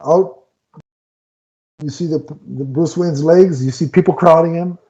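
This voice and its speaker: A man's voice: a little high, a little slow, dark tone, lo-fi sound. A man co-hosting a casual film review, retelling scenes with lots of restarts and fillers. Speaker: podcast co-host reviewing a film.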